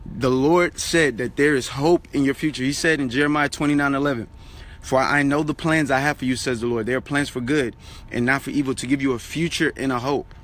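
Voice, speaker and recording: A man's voice: medium pitch, steady tone, brisk, a bit bright. A man giving an urgent, repetitive motivational Bible talk as an online preacher, urging viewers to keep working.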